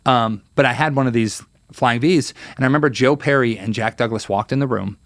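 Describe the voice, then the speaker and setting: A man in his thirties, a guest guitarist telling stories in a casual interview, lively and acting out quotes, with many fillers. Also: mid-range voice, fairly quick, no echo, clean studio sound.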